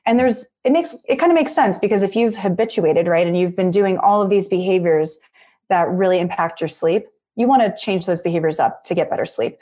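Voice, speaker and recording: A woman guesting on a podcast as a sleep expert, chatty and animated, filling her speech with "like". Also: lowish voice, a little fast. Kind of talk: casual podcast chat.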